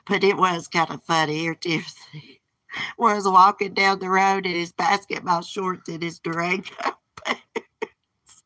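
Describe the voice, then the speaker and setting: A woman chats on a live stream from outdoors on her porch. She is gossipy, blunt and swears freely, and her voice is bright and forceful. The sound is dry, with little echo. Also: sits low. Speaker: livestream host. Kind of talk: casual live-stream chat.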